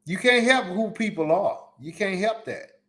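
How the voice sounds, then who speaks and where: A man's voice: high voice, animated, moderate pace, pushed and bright. A man hosting a solo live podcast, giving emphatic, repetitive advice in casual slang. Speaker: podcast host. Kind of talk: solo live-stream commentary.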